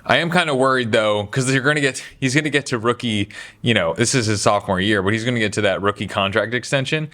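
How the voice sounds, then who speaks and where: A man's voice: medium pitch, fast talker. Chatty, opinionated young-sounding man. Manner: chatty, animated, does mocking voices for quotes. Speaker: basketball commentary host. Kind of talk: casual opinionated sports talk.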